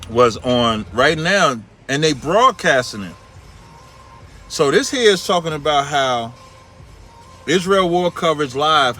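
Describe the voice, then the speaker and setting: Animated New York man telling a story. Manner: animated, acts out quoted people in a much higher voice. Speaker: radio show host. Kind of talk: casual storytelling monologue.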